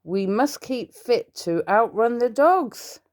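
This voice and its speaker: A woman voicing a lively, bossy little male mouse in a storybook reading. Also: a little high, takes it slowly, pitched above the performer's own voice. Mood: eager.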